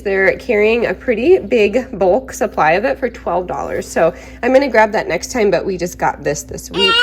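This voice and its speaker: A woman's voice: medium pitch, slight background noise. A woman in her thirties, a mother chatting casually through a grocery haul, talkative and practical with rambling asides, a little sick. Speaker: mother vlogger.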